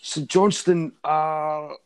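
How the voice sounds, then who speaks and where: A man's voice: a little high, steady tone, very slow, darkish tone, clean tone. A young Scottish man co-hosting a casual football podcast, laid-back and self-deprecating, often restarting his sentences. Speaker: podcast co-host.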